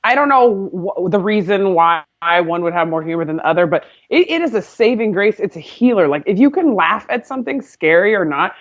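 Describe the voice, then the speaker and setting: A woman's voice: mid-range voice, animated, a little fast, hardly any pauses, dull audio. A woman hosting a podcast, responding supportively and reflecting thoughtfully in casual chat. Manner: supportive, reflective, short affirmations. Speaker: podcast host.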